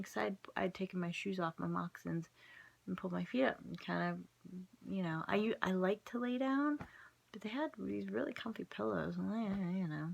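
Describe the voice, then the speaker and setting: A woman vlogger with a gravelly, creaky edge to her voice tells a story in a loose, rambling way. Her pitch sits in an ordinary middle range. She is casual and self-mocking, with quick laughs and plenty of fillers.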